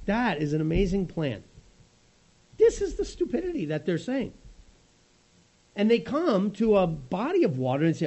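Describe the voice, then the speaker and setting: A middle-aged man preaching a sermon in an animated, conversational storytelling manner. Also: high voice, moderate pace, breathy edge, low-quality recording.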